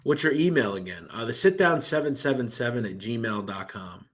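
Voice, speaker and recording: A young man from Philadelphia, with the city's accent, hosts a casual live-stream and reads out viewer comments. His medium-pitched voice is expressive and moves at a normal speed. He talks in a loose, rambling way, full of fillers.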